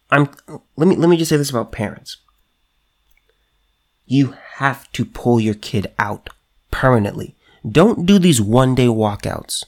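A man at a middle pitch delivering opinionated solo commentary as host. He hammers points through repetition and frequent restarts and breaks off to read news items aloud. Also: animated, a little slow, pauses often.

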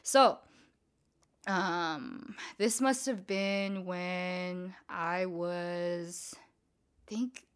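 Young woman, lowish voice, casual storyteller, curses a lot, heavy on fillers. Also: steady tone, drawn-out words, clear, resonant tone. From Southern California. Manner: casual, profane, lots of filler words.

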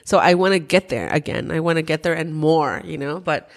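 Low-voiced woman, chatty and rambling. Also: a little fast. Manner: chatty, trails off and restarts mid-thought. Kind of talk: casual chat.

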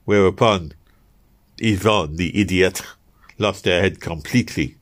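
A man's voice: low-pitched, measured pace, long pauses. A man reading an audiobook, telling a first-person tale in a theatrical way and turning to address his listeners. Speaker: audiobook narrator.

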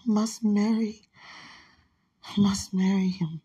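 A woman leaving a soft, rambling, affectionate voice message while lying in bed at night, with her phone held close to her mouth. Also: mid-range voice, fairly even intonation, very slow, pauses often, husky, dry recording, dull audio. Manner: soft, hushed, rambling and affectionate, often religious. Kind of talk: intimate late-night voice message.

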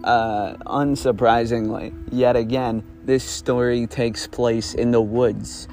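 A man's voice: medium pitch, fairly even intonation, takes it slowly, a little mellow, faint music behind. A man hosting a podcast, improvising a story in a rambling, self-correcting way and swearing casually. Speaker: podcast host.

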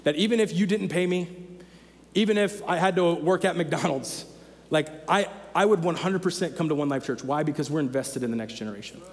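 Preaching in a church sanctuary, a pastor in his thirties uses a fairly high voice and a brisk pace. His sermon is conversational yet emphatic, with key phrases repeated, and the audio has a big-room sound.

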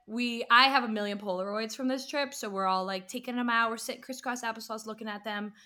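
A young woman tells a story in casual chat, cursing freely and acting out what people said. Her voice is bright and clear and sits a little high. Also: quick pace. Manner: animated, profane storytelling with acted-out quotes. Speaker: podcast co-host telling a story.

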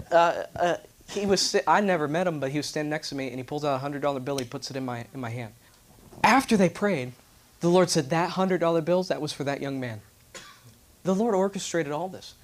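A man preaching a sermon to a responsive congregation, telling a story with animated acted-out voices and loud exclamations. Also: fairly high pitch.

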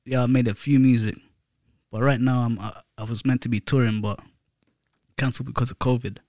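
A man's voice: mid-range voice, steady tone, brisk, mellow, dry recording, clean studio sound. A young man co-hosting a podcast, chatting casually and teasing his friends with lots of laughter. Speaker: podcast co-host. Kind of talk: casual chat among friends.

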